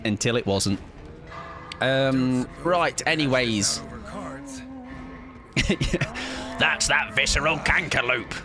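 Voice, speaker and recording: A man with a British accent giving animated live gaming commentary, swearing and laughing a lot. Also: medium pitch, extremely slow, long pauses. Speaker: streamer. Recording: game music playing under the voice.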